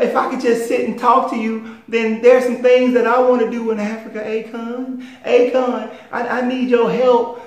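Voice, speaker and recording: A man voicing a whiny adult commenter who keeps begging for help, with drawn-out, high-pitched pleas. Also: gravelly, very echoey, highs cut off.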